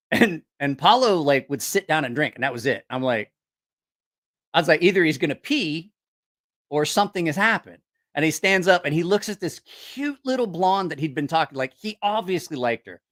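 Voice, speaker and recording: A man casually telling profane, animated stories, acting out other people's voices. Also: on the high side. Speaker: host. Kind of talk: casual storytelling.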